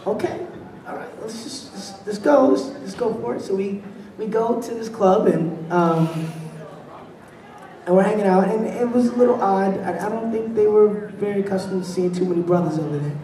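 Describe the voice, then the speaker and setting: A man on a convention panel telling stories with lively delivery, laughing often and acting out the people in his tales. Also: fairly high pitch. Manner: animated, laughs between anecdotes, acts out voices. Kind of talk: storytelling on a fan panel. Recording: echoey hall, voice from far off.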